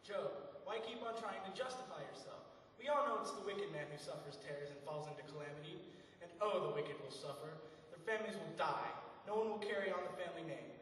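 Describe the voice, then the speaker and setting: A man's voice: on the high side, quick pace, a bit bright, slight background noise, lightly acted. A man acting a stern friend who moralizes with certainty, heard from far off in an echoey hall. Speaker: actor in church skit. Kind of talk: amateur stage acting.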